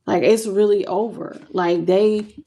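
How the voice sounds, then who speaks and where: Addressing her viewers directly on camera, a tarot reader gives a casual reading in loose slang, sounding moved by what she reads. Her mid-range voice is steady, unhurried and dark in tone.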